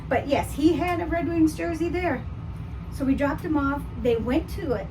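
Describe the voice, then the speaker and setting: Vlogger woman from the Detroit area, high voice, rambling chat, a little far from the mic. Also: moderate pace, noisy background. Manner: chatty and rambling, with frequent fillers. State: out of breath. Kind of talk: casual vlog chat. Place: indoors at home, then outdoors at a theme park.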